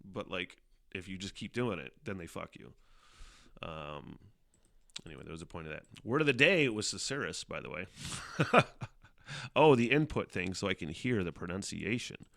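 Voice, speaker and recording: A man's voice: low voice, lively intonation, moderate pace, vocal fry, a bit bright, no room sound, studio quality. A man hosting his own casual live-stream podcast, rambling and cursing freely, laughing at himself as he talks into a desk mic. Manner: profane, rambling, self-mocking, laughs often. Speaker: podcast host. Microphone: headphones on, desk mic.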